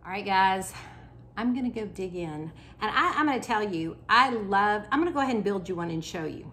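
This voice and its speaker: A woman's voice: mid-range voice, expressive, fairly quick, sharp tone, a little hiss or hum. A woman, a health coach chatting casually through a cooking vlog at home, talking while she eats. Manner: chatty, talks while eating.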